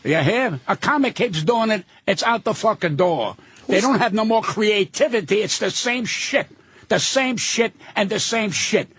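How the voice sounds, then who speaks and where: Older guy ranting loud and profane, high husky voice, pitch jumps all over. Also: lively intonation, normal speed, dry recording. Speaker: guest comedian. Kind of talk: casual radio interview.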